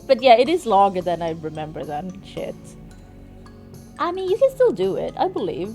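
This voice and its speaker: This young woman's game stream has soft music underneath her medium-pitched voice, which moves at a normal speed. She's lively and loose, cursing freely while speaking straight to her chat.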